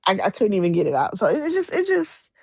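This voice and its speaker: Animated woman with a raspy, gravelly voice. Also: mid-range voice, fast, no room sound, studio quality. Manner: animated, acts out quoted voices, many restarts. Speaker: romance author guest. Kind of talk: casual interview storytelling.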